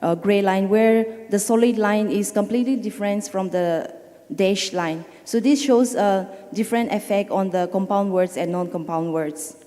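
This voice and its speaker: A woman's voice: medium pitch, moderate pace, mellow. Woman presenting in a reverberant hall. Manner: hesitant, with fillers and self-corrections. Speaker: conference presenter. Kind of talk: academic conference talk. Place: conference hall.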